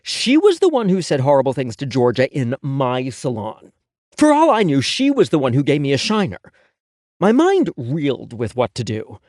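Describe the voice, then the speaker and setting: A man's voice: mid-range voice, wildly swooping pitch, moderate pace, darkish tone, no room sound, clean studio sound. A man narrating a first-person audiobook in a sassy, sarcastic and profane manner.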